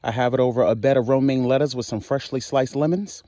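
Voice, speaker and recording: A man from Maryland hosting a casual cooking tutorial in his home kitchen, sassy and animated, calling viewers honey and swearing casually. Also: medium pitch, quick pace. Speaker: cooking channel host.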